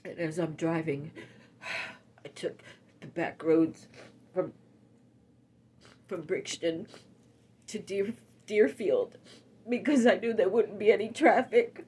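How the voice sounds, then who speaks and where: A middle-aged woman tells a personal story in tears, her voice breaking, with halting narration that erupts into sobbing shouts. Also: lowish voice, breathy edge. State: tearful, voice breaking. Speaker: storyteller recounting a personal loss. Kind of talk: emotional personal testimony.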